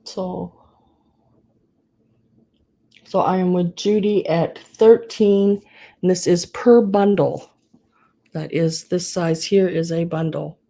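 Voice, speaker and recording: A woman's voice: on the low side, steady tone, slow pace, creaky, long pauses, dark tone. A woman running a live online sale, chatting casually and calling to bidders by name. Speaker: live auction seller.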